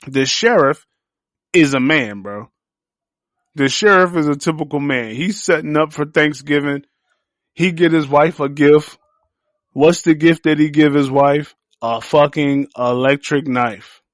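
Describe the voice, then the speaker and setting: A man hosting a podcast, giving a casual solo review of a TV series, telling it as an animated, profane story. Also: fairly high pitch, measured pace, no echo, studio quality. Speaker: podcast host.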